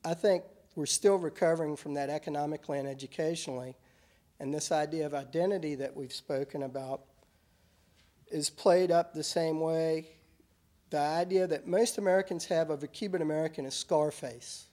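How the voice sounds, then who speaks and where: A middle-aged man with a soft Southern Virginia accent gives a conference talk to a university audience. He reasons aloud in a wry, measured way, pausing to correct himself, and his voice sits a little higher than most men's. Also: fairly even intonation. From Richmond, Virginia, US. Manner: thoughtful, wry lecturing with some self-corrections. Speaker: academic speaker at a symposium. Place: university symposium hall.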